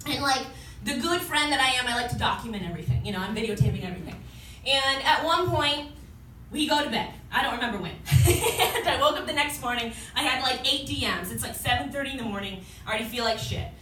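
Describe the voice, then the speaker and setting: A woman's voice: a little high, expressive, fast talker, sharp tone. A woman in her twenties telling a stand-up comedy story to a club audience, chatty and laughing between lines. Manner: chatty storytelling with frequent laughs and acted quotes. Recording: roomy club sound, distant mic, audience noise. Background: audience murmur and laughter.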